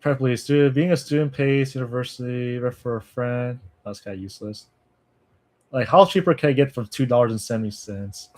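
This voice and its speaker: A man's voice: medium pitch, a little fast, a little mellow. A man chatting casually with viewers on a livestream, thinking aloud, laughing often and trailing off into asides. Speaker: language-learning streamer.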